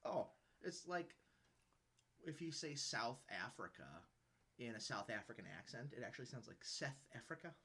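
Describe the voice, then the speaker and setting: A young man in his twenties co-hosting a casual podcast, joking around in an animated way. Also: medium pitch, normal speed, husky. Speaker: podcast co-host. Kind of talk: casual chat.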